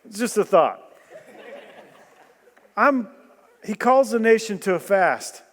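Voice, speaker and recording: A man preaching a sermon, animated and joking, asking the room questions and bursting into loud emphasis. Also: sits high, slow, some chatter behind. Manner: animated storytelling with jokes and rhetorical questions. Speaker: guest preacher. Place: church hall. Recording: long church hall reverb.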